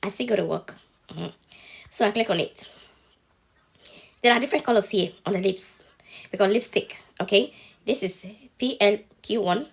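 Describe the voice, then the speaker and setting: Mid-range and creaky with a breathy edge, her voice moves at normal speed with frequent pauses. Sick with a cold, this TikTok creator chats casually through a phone tutorial at home, checking in with the viewer after each step.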